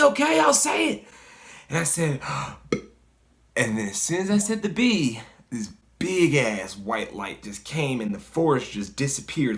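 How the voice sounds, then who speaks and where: Man with a lowish voice, relaxed spoken storyteller, loose and profane, heavy on "like.". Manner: loose and conversational, swears freely, many "like" fillers. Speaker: guest storyteller. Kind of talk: casual spoken personal story.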